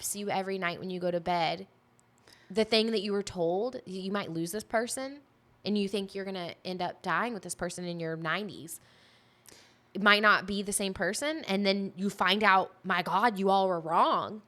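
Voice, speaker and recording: A woman's voice: medium pitch, normal speed, pushed and bright. A woman co-hosting a podcast, talking emphatically in casual chat and stacking up lists of phrases. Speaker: podcast co-host.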